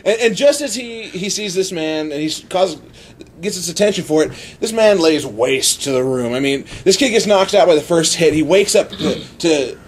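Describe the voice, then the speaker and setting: A man's voice: on the high side, normal speed, a little hiss or hum. A man hosting a casual podcast chat, recounting a story with frequent laughter and acted-out quotes. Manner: animated retelling with acted quotes. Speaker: podcast host.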